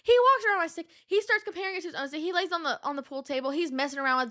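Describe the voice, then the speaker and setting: A young adult woman hosting a podcast, telling casual stories in an animated, exasperated way with lots of "like" and "um". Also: high voice, rapid-fire, hardly any pauses. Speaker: podcast host. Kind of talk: casual storytelling monologue.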